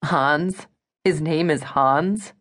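A woman's voice: sits low, lively intonation, moderate pace. A woman voicing a blunt, skeptical woman who teases her friend, in an audiobook. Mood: wry. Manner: dry, teasing, skeptical.

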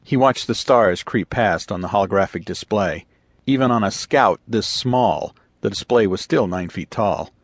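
A man narrating a science fiction audiobook in a steady, even storytelling manner. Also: fairly low pitch, moderate pace, no room sound. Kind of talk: scripted narration.

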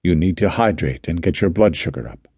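A man voicing a calm, protective husband who speaks softly and soothingly. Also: deep voice, a little fast, slightly rough, no room sound. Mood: tender. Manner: soft, gentle, soothing.

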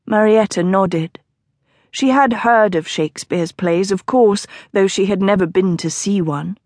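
A woman narrating a historical romance audiobook in a measured storytelling delivery. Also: medium pitch, darkish tone, no room sound, studio quality. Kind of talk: scripted narration.

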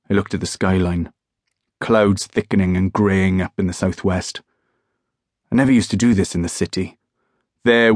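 A man with a low voice narrates a first-person detective story, wry and measured with a deadpan edge. He is recorded on a close mic in a dry booth with no room sound. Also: no room sound. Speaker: audiobook narrator. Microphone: close studio mic.

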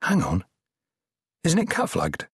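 A clever, touchy detective from an audiobook, clipped and irritated, as a man voices him. The delivery climbs high and swings widely. It is recorded close and dry. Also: wildly swooping pitch, slow, slightly rough, no room sound, full character voice.

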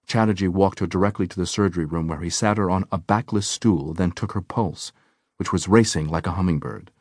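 A man narrating an audiobook in a measured, even manner. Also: low voice, dry recording, clean studio sound. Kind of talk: scripted narration.

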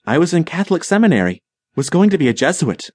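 A man doing an eager, high young man. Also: big pitch swings, quick pace, a little mellow, dry recording. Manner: eager, piping. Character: eager young male ex-seminarian.

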